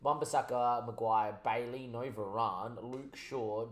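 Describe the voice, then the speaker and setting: A man giving casual commentary on his football management game, a little tipsy from wine, switching between excitable mock match calls and chatty asides. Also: mid-range voice, unhurried.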